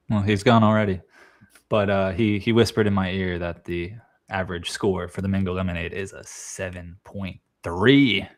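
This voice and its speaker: Playful low-voiced male co-host. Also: steady tone, moderate pace. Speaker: podcast co-host. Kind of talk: casual chat.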